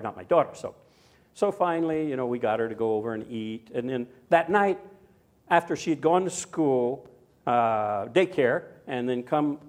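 An older pastor delivers a sermon built on a personal story, in a mid-range voice with a darkish tone. His style is chatty and anecdotal, full of asides and tag questions.

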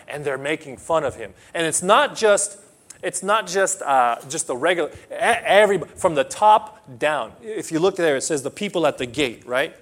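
Guy preaching a sermon, voice a bit on the high side, gets loud then drops real quiet, english not his first language. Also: expressive, normal speed. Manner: emphatic, swings between loud and soft. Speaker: pastor.

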